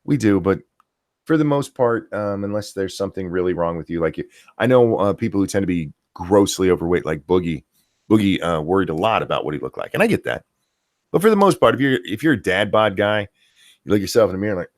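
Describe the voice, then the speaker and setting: Low, lively, profane ranting man. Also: quick pace, dry recording, clean studio sound. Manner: profane, ranting, reads chat aloud. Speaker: commentary streamer. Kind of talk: casual live-stream rant.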